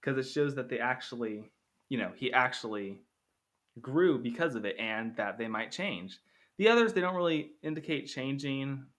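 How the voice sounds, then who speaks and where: A man talks through a casual podcast monologue, rambling with plenty of ums and uhs and slipping into quoted lines. His voice is bright and forward, with a middling pitch. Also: lively intonation, moderate pace. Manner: rambling, with many fillers, acting out quotes. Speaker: podcast host. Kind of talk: casual movie comparison monologue.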